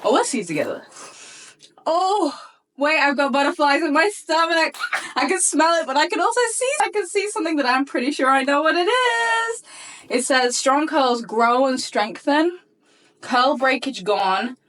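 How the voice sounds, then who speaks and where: A young woman chatting to camera as a beauty vlogger, gushing and excitable as she unboxes products in fast bursts. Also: high voice. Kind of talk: casual unboxing chat to camera.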